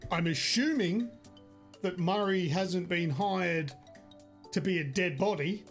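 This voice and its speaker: Man, high-pitched voice, rambling casual podcast chat, faint music behind. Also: slow. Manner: chatty, rambling, self-correcting. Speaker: podcast co-host.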